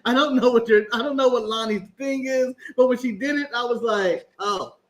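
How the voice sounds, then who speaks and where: A man's voice: very high-pitched, a little fast. An American man co-hosting a casual wrestling talk show, laughing often and stammering through restarts. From United States. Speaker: podcast co-host.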